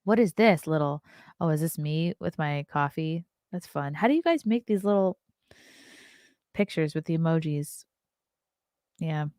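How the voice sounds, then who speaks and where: A woman's voice: deep voice, expressive, a little slow, pauses often, darkish tone, no room sound, studio quality. A woman hosting a casual morning livestream, chatting loosely with her viewers and yawning now and then. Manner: chatty, keeps yawning and laughing. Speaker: podcast host.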